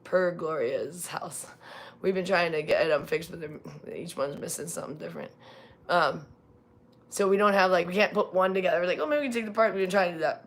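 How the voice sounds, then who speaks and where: A woman from California chatting casually on a live stream, rambling with many fillers and restarts. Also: on the low side. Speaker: livestream host.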